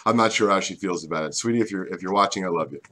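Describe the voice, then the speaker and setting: A man coming down with a cold, his voice gone deep, chatting casually on a live stream as a co-host. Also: racing, fairly bright tone. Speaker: card break co-host.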